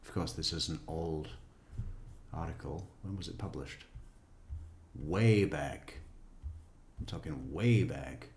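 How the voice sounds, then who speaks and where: A man's voice: rumbling low, takes it slowly, a little mellow, roomy sound. A man reading a news article aloud as a true crime commentator, breaking in with wry, sarcastic asides.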